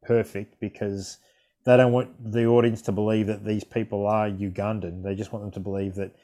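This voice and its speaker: A man with a low voice talks casually as a podcast guest. He rambles through restarts and laughs often. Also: flat delivery, normal speed, mellow. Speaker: stage actor guest.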